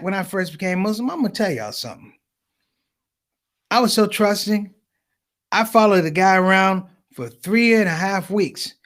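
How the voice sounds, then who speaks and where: A man doing stand-up comedy, telling stories to the audience and calling them brothers and sisters. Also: sits high. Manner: animated storytelling, addresses audience as brothers and sisters.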